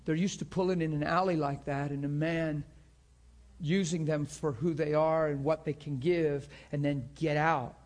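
A man's voice: on the high side, fairly even intonation, moderate pace, darkish tone. A middle-aged male pastor telling a story in a sermon, acting out the voices of the people in it with strong feeling. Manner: emotional, acts out both sides of a story.

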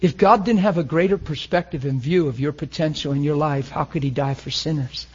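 A man preaching a sermon, emotional, swinging between loud and hushed. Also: on the high side, brisk, slightly rough, muffled recording.

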